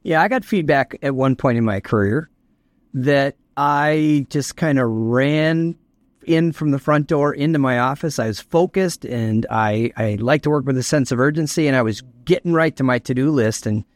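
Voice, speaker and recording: A man's voice: mid-range voice, moderate pace, dry recording. Man co-hosting in a dry studio. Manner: conversational storyteller. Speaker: podcast co-host. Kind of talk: casual podcast chat.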